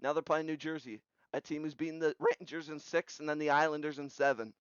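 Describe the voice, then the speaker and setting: A young man with a fairly high, smooth voice recaps simulated hockey playoffs, firing off scores in short bursts. The sound is close and dry, slightly dull and lo-fi. His energy jumps at big goals. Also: steady tone, quick pace, no room sound. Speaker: video game simulation commentator. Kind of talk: play-by-play recap commentary.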